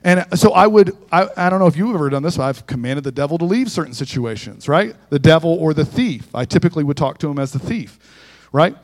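A man's voice: on the high side, lively intonation, quick pace. A man preaching a sermon as a guest speaker in a church, conversational and joking, often checking in with the congregation. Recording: long echo of a large hall.

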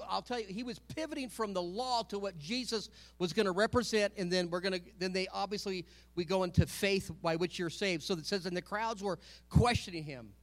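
High-voiced preacher, conversational sermon. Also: male voice. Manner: conversational, repeats words and self-corrects; calls out to the congregation.

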